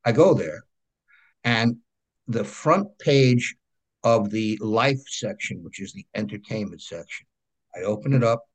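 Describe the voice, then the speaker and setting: A man with a New York accent, a guest telling lively anecdotes in a casual interview and often checking in with "right?". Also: fairly low pitch, measured pace. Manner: animated anecdotes, frequent "right?" check-ins. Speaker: guest, comic book creator.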